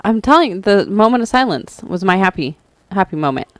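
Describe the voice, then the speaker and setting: A woman's voice: mid-range voice, big pitch swings, a little fast, dry recording. A woman co-hosting a talk radio show, bantering in a joking, sarcastic way. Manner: joking and sarcastic, laughing often. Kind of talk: casual banter.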